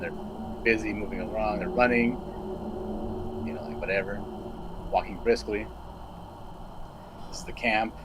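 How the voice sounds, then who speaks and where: A man's voice: lowish voice, noisy background. A man hosting a casual live stream, bluntly directing and thinking aloud while he draws a comic page. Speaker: comic artist and stream host.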